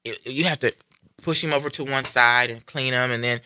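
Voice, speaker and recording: Hosting a live stream, a man tells a personal story in an earnest, reflective tone, becoming animated when he acts out what others said. His voice is medium-pitched, clear and resonant, and he speaks fairly quickly.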